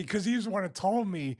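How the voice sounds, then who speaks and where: Man telling a wrestling story, laughing. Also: high-pitched. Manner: laughing, animated anecdote telling. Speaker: retired wrestler guest. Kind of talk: casual storytelling.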